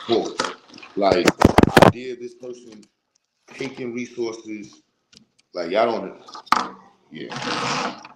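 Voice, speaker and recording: Hosting a livestream, a man rants in heated, rambling street slang with a blunt edge. He speaks slowly in a medium pitch, with vocal fry and long pauses, over a roomy sound full of loud background noise.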